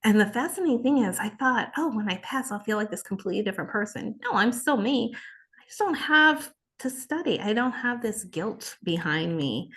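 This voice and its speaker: A woman in her thirties, an interview guest, telling an emotional personal story in a heartfelt, expressive way with frequent restarts. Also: fairly high pitch, normal speed. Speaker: interview guest, exam passer.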